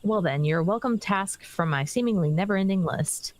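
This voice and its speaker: A woman voicing a busy, put-upon quest giver from a game, brisk and slightly fussy. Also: medium pitch, a little mellow, close to an everyday voice. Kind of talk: reading game dialogue aloud.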